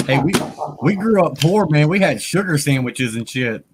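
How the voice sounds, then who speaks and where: A man's voice: a little high, expressive, normal speed, background noise. A man hosting a casual chat, joking around with crude humor and laughing often. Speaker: host.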